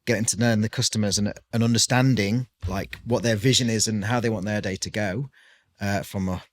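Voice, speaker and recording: Guest caterer, British man in his 40s, low voice, rambling and chatty, lots of ums. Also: fairly even intonation, brisk. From United Kingdom. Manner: rambling, chatty storytelling with many fillers. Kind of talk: casual podcast chat.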